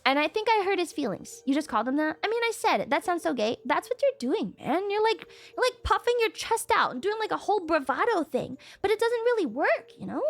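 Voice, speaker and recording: A woman's voice: very high-pitched, very animated, a little fast, hardly any pauses. A woman streamer chatting casually with her viewers, rambling, swearing freely and laughing often. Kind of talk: casual live-stream chat.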